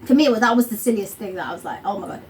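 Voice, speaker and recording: A woman's voice: medium pitch, racing, a little hiss or hum. A woman chatting casually and animatedly, acting out the people in her stories. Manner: animated storyteller, acts out quotes. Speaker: vlogger. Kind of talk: casual chat.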